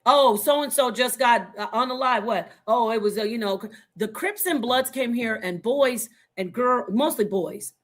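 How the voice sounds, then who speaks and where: A woman in her fifties from Phoenix with a slightly high voice speaks heatedly as a forum panelist. She is emphatic and combative and curses freely. Her speech rambles, with phrases repeated and restarted. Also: normal speed, hardly any pauses. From Phoenix, Arizona, USA. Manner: emphatic and confrontational, swears freely. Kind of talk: heated opinion talk.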